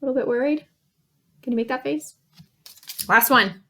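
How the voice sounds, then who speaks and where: A woman teacher reading a picture book to young children, acting out each feeling with gasps, sighs and shouts. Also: sits high, moderate pace, a little hiss or hum.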